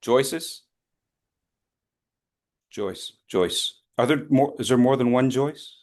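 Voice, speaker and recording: A man's voice: medium pitch, slow pace, darkish tone. A man leading an online public speaking workshop over a video call, playful and teasing as he calls on participants.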